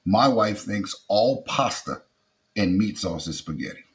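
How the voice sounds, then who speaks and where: Middle-aged South Louisiana man, low voice. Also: expressive, a little slow, poor audio. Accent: South Louisiana Creole. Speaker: comedian guest. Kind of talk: casual interview.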